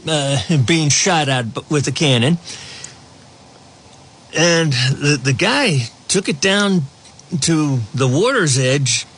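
A man's voice: a little high, a bit bright. Rambling, chuckling male talk radio host. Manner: rambling, chuckles often, many restarts and fillers. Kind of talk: opinionated call-free radio monologue.

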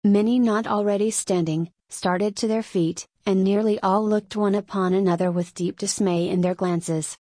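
A woman reads a classic novel aloud in a measured, even storytelling manner. Her voice sits at an ordinary pitch. The recording is close and dry, with no room sound. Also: dry recording. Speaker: audiobook narrator. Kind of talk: scripted narration of a classic novel.

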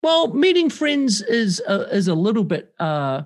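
A man chatting casually as a podcast guest over a remote call, animated and swearing freely, acting out quoted voices. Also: high voice, measured pace.

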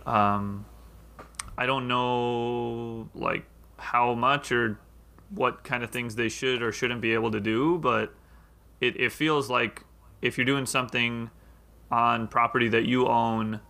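A man's voice: medium pitch, fairly even intonation, slow pace, gravelly, bright, forceful tone. A man on a casual podcast, thinking aloud in a hesitant, meandering way, full of "um" and "like". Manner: hesitant, thinks aloud with many ums and likes. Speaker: podcast co-host.

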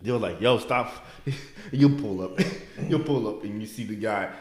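A man's voice: fairly low pitch, moderate pace, echoey room, a crowd in the background. A man co-hosting a podcast, talking in casual, profane slang and laughing a lot as he tells jokes. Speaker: podcast co-host. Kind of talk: casual chat.

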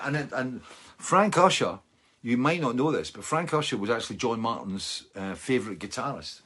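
A man's voice: lowish voice, a bit bright, breathy edge. A Scottish man in his sixties, a musician hosting a fan Q&A show, chatting casually and rambling with lots of asides. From Scotland. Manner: loose and chatty, full of fillers and asides.

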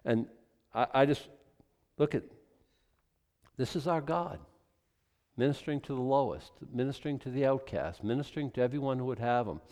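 A man preaching a sermon in an animated, excitable way, often stopping and restarting his sentences. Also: medium pitch, normal speed, long pauses, big-room sound. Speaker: pastor.

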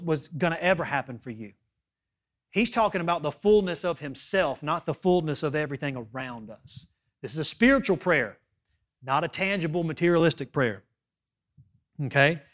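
A male pastor preaching a sermon, emphatic, dropping to hushed asides and rising to loud appeals, often checking in with "okay?". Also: on the high side.

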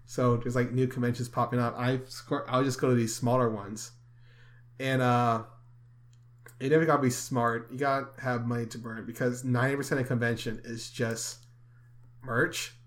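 A young man co-hosts a casual podcast chat, speaking at a normal speed with a medium pitch and level tone. He's sarcastic and crude, swears often, and breaks into loud laughter.

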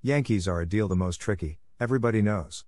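A man's voice: fairly low pitch, fast, a little mellow, dry recording, studio quality, close to an everyday voice. A man voicing a hot-tempered tomboyish teenage girl who speaks sharply and indignantly, in a storybook reading. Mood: angry.

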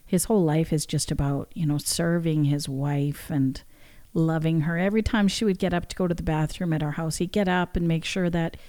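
A woman's voice: low-pitched, steady tone, brisk, warm tone. A middle-aged woman co-hosting a podcast, chatting casually and posing questions to the group. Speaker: podcast co-host. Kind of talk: casual chat.

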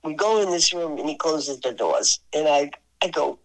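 Older woman guest, low-pitched, animated anecdote teller who laughs often, on a radio-style recording. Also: normal speed, low-quality recording. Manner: animated, laughing often, voices her friend's lines. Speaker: podcast guest, singer. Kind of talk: casual storytelling interview.

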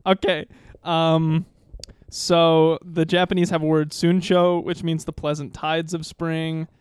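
A man co-hosting a podcast in casual chat, jokey and quick to laugh, reading poems aloud. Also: fairly high pitch, level tone, smooth, no room sound. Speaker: podcast co-host.

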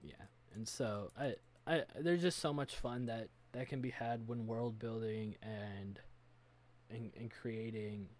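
A game master co-hosting a casual podcast about running tabletop games talks earnestly and thinks aloud as he goes. His voice is on the low side and slow.

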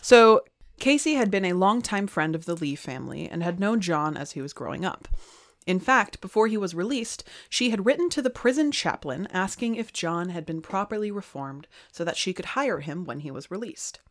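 A woman with a slightly low voice hosts a casual podcast. She recounts a true crime tale in a chatty way, breaking into laughter now and then. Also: lively intonation, normal speed. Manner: laughs often, reads quotes aloud. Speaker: podcast co-host telling a true crime story. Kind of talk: casual storytelling chat.

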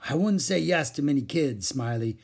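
A man's voice: a little high, animated, normal speed, gravelly, husky, exaggerated voice. A man voicing a friendly, drawling cowboy in a storybook reading. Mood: folksy. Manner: folksy western drawl. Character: friendly drawling adult cowboy, gruff and kind.

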